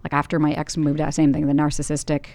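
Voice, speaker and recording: A woman's voice: low voice, completely flat delivery, fast talker, a little mellow. A woman coach in a casual podcast conversation, talking animatedly, swearing casually and acting out her inner voice with rhetorical questions. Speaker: guest coach.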